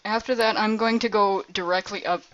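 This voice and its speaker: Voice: mid-range voice, steady tone, fairly quick, fairly bright tone. Blunt player on a dull recording. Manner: blunt, plain-spoken. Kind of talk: casual table talk.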